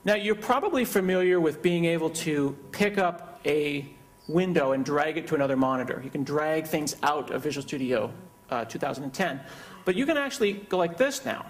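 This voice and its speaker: A man delivering a conference keynote with a live software demo, talking in a loose, joking, conversational way. His voice sits a little on the higher side for a man. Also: lively intonation, moderate pace. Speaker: keynote speaker.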